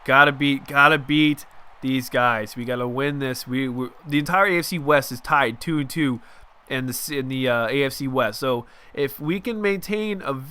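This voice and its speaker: Bright-voiced young guy ranting about football. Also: medium pitch, clean tone. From Southern California. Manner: rambling, chatty, quick to vent. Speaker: gaming channel host. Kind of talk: casual game commentary.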